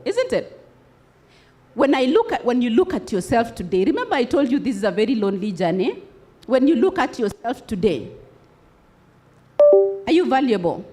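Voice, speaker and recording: A woman's voice: fairly high pitch, very animated, normal speed, pauses often, dark tone. A woman giving a motivational speech to students at a conference, asking rhetorical questions and getting the audience to answer back. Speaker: conference speaker.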